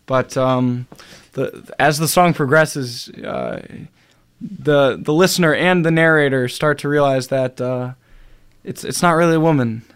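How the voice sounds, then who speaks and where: A young man hosting a radio show, talking casually between songs in a halting, rambling way with lots of filler sounds. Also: a little high, smooth.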